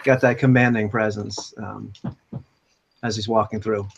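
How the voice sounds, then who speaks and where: A man's voice: fairly low pitch, level tone, measured pace, vocal fry, background noise. A man narrating a tabletop role-playing game as game master, rambling with many fillers and chuckling often. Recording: dull lo-fi recording.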